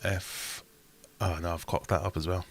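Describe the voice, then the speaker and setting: A man's voice: low voice, little pitch movement, moderate pace. A man hosting a casual live stream, chatting in a rambling, self-deprecating way.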